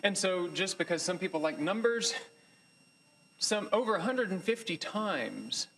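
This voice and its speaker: A man teaching a Bible class in a thoughtful, halting way, with many pauses, fillers and restarts. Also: high-pitched, sing-song, a bit bright, a little hiss or hum, poor audio. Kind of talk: lecture.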